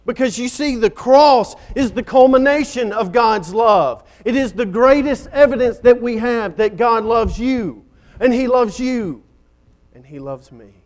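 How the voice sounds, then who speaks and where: A man's voice: extremely high pitch, animated, measured pace. A man preaching a sermon in a dramatic style, building up and then falling nearly silent at the ends of phrases.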